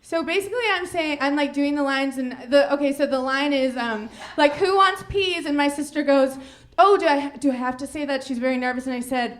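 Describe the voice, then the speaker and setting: A woman's voice: high-pitched, fairly quick. A woman comedian telling a rambling, self-mocking story on stage, often breaking into giggles. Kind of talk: live storytelling stand-up.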